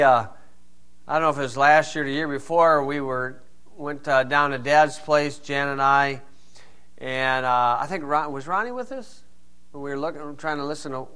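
A man's voice: on the high side, pushed and bright. A man teaching through Bible verses in a conversational way, asking rhetorical questions and telling personal stories.

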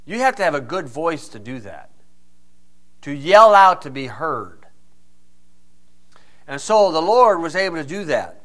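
Bright-voiced man teaching the Bible. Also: sits high. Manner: conversational, asks rhetorical questions, tells personal anecdotes.

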